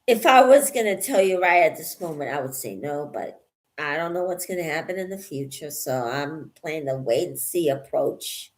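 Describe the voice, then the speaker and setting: A woman vlogging casually as she paints, out of breath and rambling with many pauses, thinking aloud. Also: low voice, lively intonation. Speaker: channel host. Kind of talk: casual vlog while painting.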